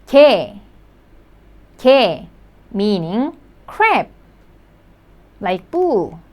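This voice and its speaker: A woman teaching a language lesson, patient and encouraging, repeating each word slowly for learners to practice. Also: mid-range voice, sing-song, a little mellow.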